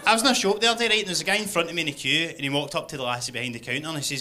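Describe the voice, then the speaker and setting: Bright-voiced Scottish man doing stand-up. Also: fairly high pitch, racing, hardly any pauses. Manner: chatty, punchy delivery with tag questions. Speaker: stand-up comedian. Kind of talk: stand-up comedy routine.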